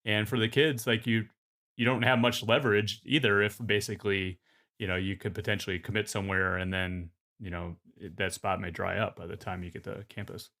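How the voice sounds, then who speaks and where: Male podcast host, low with vocal fry, hesitant and filler-heavy. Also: flat delivery, fairly quick, pushed and bright. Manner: hesitant, lots of "like" and restarts. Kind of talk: podcast conversation.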